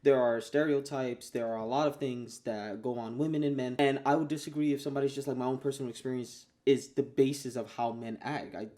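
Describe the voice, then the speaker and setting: A man's voice: medium pitch, steady tone, fairly quick, few pauses, warm tone. A man giving casual reaction commentary in a blunt, mocking way, swearing freely.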